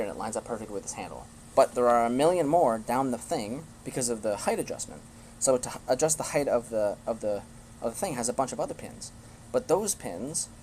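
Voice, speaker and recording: A man's voice: mid-range voice, a little mellow. Young male streamer, blunt, swearing rant, faint hiss behind. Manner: blunt, swears often, restarts sentences. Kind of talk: casual rant to a live stream.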